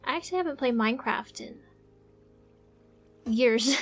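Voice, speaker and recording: A woman streamer chatting casually with viewers while she draws, soft-spoken and halting, with many fillers and little giggles. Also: on the high side, faint music behind. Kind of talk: casual live-stream chat. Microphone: desk microphone.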